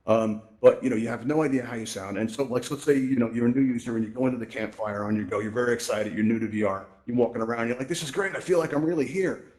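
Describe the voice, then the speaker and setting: A man's voice: mid-range voice, steady tone, very fast, few pauses, darkish tone. A middle-aged man giving a casual tech presentation at a virtual reality event, chatty and often asking "right?", speaking into a headset microphone. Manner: chatty, acts out quoted voices, says "right?" a lot.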